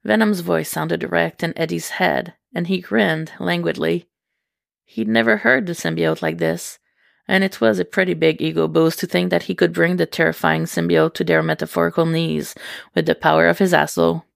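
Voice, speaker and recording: A woman reading fiction aloud in a measured, unhurried way. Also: lowish voice, steady tone, vocal fry, no echo, studio quality. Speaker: reader.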